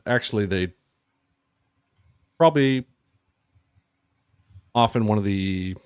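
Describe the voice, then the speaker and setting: A man's voice: low voice, no room sound, studio quality. A man narrating as game master of a tabletop game, loose and rambling, with many ums and restarts.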